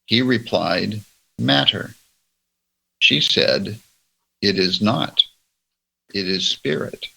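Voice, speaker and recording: A man leading a church roundtable, reading religious passages aloud in a slow, measured way. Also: lowish voice, lively intonation, vocal fry, bright, forceful tone, breathy edge, low-quality recording. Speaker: church discussion leader. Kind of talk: reading and discussing religious texts.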